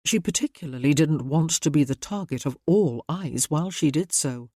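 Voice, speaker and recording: A woman narrating a romance audiobook in a calm, measured way. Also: low-pitched, dry recording, studio quality.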